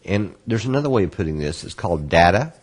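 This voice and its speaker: A man teaching an online course, patiently answering student questions and explaining terms slowly with repetition. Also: sits low, sing-song. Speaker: Kabbalah course instructor.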